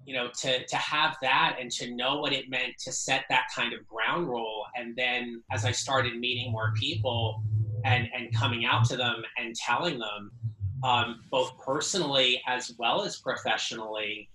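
A man's voice: mid-range voice, steady tone, normal speed, bright, forceful tone, echoey room, poor audio. A man speaking as an interview guest, earnest and reflective, often repeating words as he thinks. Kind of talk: casual interview.

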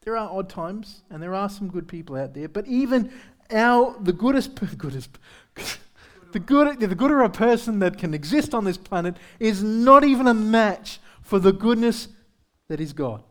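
A pastor preaching a sermon in a candid, conversational way, with self-deprecating humor and frequent rhetorical questions to the congregation. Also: male voice, high voice, animated, normal speed. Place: church service.

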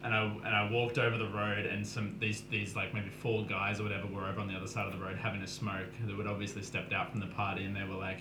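A man's voice: on the low side, flat delivery, quick pace, few pauses. A young Australian man chatting casually with lots of "like" and restarts, a laid-back storyteller. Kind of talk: casual chat. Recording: echoey room with clear noise.

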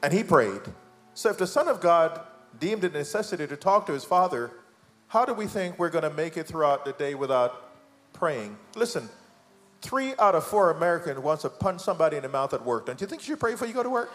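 A man's voice: lively intonation, soft background music. Fervent Jamaican preacher man. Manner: fervent, builds from low and slow to loud and high. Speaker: guest pastor.

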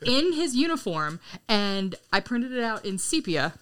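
A woman's voice: a little high, big pitch swings, unhurried, a bit bright, smooth. A young adult woman co-hosting a podcast, telling stories in casual chat, laughing often and swearing freely. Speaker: podcast co-host.

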